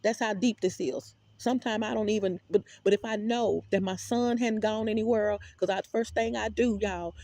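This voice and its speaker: A woman talks straight to her viewers in an unscripted, rambling monologue. She is animated and emphatic, circles back over her own words, and swears without a second thought. Her voice sits in a middle pitch and sounds dry and close, with no room echo. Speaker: vlogger.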